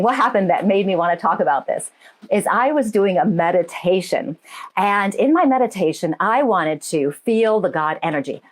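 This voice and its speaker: A middle-aged woman, a medium and life coach, hosting a casual spiritual talk show, chatting warmly with viewers and laughing easily. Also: mid-range voice. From United States.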